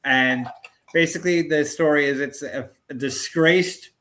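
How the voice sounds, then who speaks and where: A co-host on a casual chat show, giving relaxed rundowns with quick asides. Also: mid-range voice.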